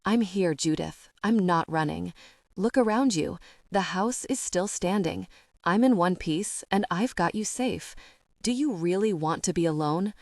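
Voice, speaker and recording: A woman voicing a tender, protective grown man who speaks in soft, soothing reassurances. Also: lowish voice, measured pace, no echo, clean studio sound.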